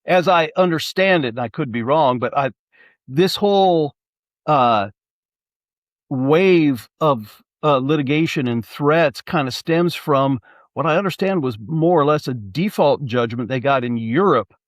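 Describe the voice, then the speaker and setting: A man's voice: fairly high pitch, expressive, a little slow, dry recording, studio quality. A man in casual chat, rambling and hesitant as he works through his thoughts. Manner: rambling, hesitant, many fillers and restarts.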